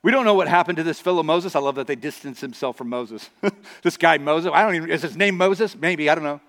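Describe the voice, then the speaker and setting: A man's voice: a little high, a little fast, a bit bright. A man preaching a sermon as pastor, conversational with acted asides. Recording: long reverb of a large hall.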